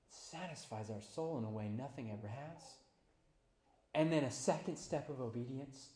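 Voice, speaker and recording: A pastor preaching a sermon, moving between quiet, low passages and loud, high-pitched climaxes. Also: male voice, normal speed, reverberant.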